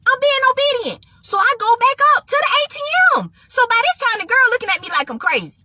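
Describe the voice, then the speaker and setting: Very high-voiced and fast-talking, a woman relates a personal testimony, lively as she voices both sides of the exchange and speaks to listeners as "y'all." Slight background noise is audible.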